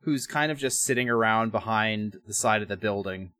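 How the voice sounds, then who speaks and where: A man's voice: fairly low pitch, moderate pace, fairly bright tone. A man co-hosting a podcast, recapping an episode in casual chat, rambling with restarts and wry asides. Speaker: podcast co-host.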